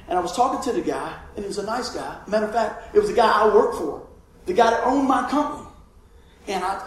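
A man preaching a sermon, telling a personal story in a folksy, animated way. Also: high voice, a little hiss or hum. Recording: echoey room from far off.

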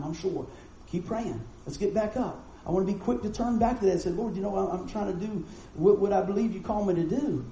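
A pastor with a drawl, talking to his congregation in an easy, folksy way. His voice sits high for a man but sounds warm and mellow. The sermon echoes around a roomy church hall, with a faint murmur of ambience underneath. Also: a little hiss or hum. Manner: folksy, conversational preaching with rhetorical questions. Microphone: live stream mic.

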